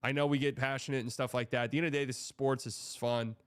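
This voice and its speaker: Rapid-fire and flat in delivery, this mid-range male voice belongs to a young sports livestream host who reads donor messages aloud and rambles with exasperated cursing. The tone is clean, studio-quality, with no room sound.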